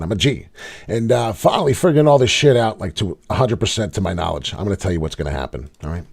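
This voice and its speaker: A man's voice: lowish voice, animated, fast talker, creaky, darkish tone. A man giving brash, profane, rambling crypto trading commentary from his home. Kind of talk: casual market commentary.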